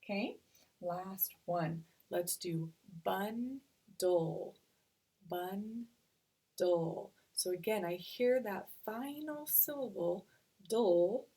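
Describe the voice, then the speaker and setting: A woman teacher giving a recorded reading lesson to young children, slowly sounding out syllables. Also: medium pitch, warm tone, breathy edge. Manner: slow, stretched-out sounding of syllables.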